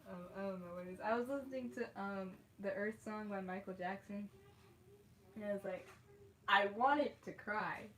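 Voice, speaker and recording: A woman's voice: mid-range voice, moderate pace. A woman artist chatting casually with viewers while she paints, rambling, restarting her sentences and laughing often. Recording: echoey room, faint background noise.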